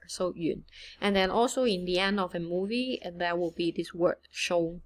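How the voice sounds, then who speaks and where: A woman teaching a casual online language lesson, chatty and relaxed, mixing English and with frequent fillers. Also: lowish voice, moderate pace. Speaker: Cantonese teacher.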